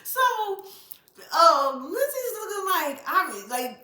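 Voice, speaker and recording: Lively, bright-voiced woman recapping reality TV. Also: high-pitched, a little slow, roomy sound. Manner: animated, profane, dramatic storyteller who laughs often and addresses viewers as "y'all". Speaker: reality show recap host. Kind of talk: casual recap commentary.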